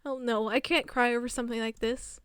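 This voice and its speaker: A woman streamer reading a visual novel aloud on stream, animated and easily flustered. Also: on the high side, a little fast, smooth, no echo, studio quality.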